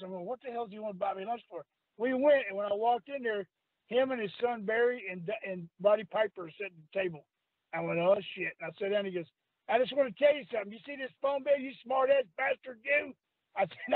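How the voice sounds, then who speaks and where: Older guy on the phone, high voice, rough salty storyteller, tinny dry line. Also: dry recording. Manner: rough, salty storyteller, quoting others, laughing often. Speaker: guest, retired wrestler. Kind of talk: storytelling on a call-in radio podcast.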